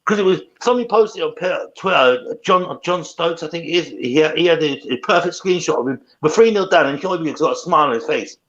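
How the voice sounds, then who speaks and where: A man's voice: on the high side, expressive, fairly quick, hardly any pauses, fairly bright tone. A man co-hosting a football fan show, ranting angrily and swearing constantly. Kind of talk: casual post-match fan chat. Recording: dull lo-fi sound.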